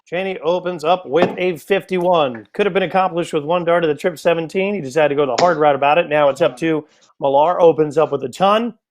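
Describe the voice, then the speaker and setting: High-voiced chatty darts commentator man. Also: a little fast, noisy background. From United States. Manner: chatty, joking asides to viewers. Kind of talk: live sports commentary.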